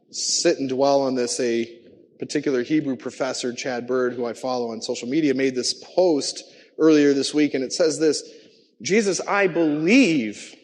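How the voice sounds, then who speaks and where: A man preaching a sermon in a church, earnest and emphatic, dropping low at the ends of phrases. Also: a little mellow, big-room sound.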